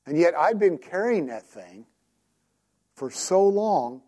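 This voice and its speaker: A man's voice: high-pitched, very animated, slow pace, warm tone. A man preaching a sermon in a conversational, storytelling way, often asking his listeners direct questions.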